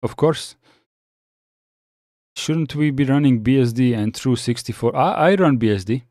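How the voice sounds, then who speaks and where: Halting man from the Balkans. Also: medium pitch, a little mellow, no room sound, clean studio sound. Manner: halting, many restarts and fillers. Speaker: livestream host reading chat. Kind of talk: casual live chat.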